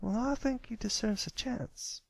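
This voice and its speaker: An earnest young farm filly, put on by a man reading a fan story, insisting with stubborn hope. The voice is pitched high and kept gentle, with a gravelly grain. The room is dead and dry. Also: measured pace, no room sound, exaggerated voice. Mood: adamant. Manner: adamant, encouraging. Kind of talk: fanfiction audiobook reading.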